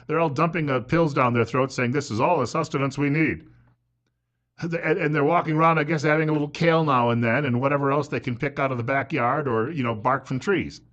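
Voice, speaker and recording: A man's voice: mid-range voice, fairly bright tone. Middle-aged man, radio talk host, sarcastic and mocking, chuckles through his monologue. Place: radio studio.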